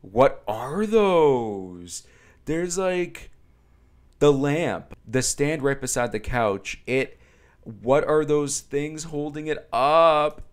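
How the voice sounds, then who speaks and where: A young man giving casual reaction commentary on a music video, chatty and excitable, talking straight to his viewers. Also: on the high side, takes it slowly, smooth. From Italian background. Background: music video playing.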